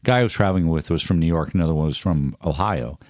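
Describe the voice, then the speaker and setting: A man's voice: a bass voice, fast, darkish tone, no room sound, studio quality. A man born in Germany co-hosting a radio talk show, telling a chatty anecdote. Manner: chatty storyteller, explains things. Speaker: co-host. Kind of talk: casual chat, anecdote telling. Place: radio studio.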